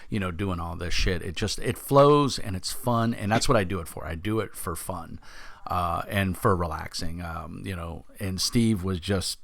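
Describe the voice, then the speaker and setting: A man's voice: low-pitched, normal speed, gravelly, fairly bright tone. An older man with a Brooklyn accent hosting a casual interview over a video call, joking, cursing and rambling as he talks. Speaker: podcast host.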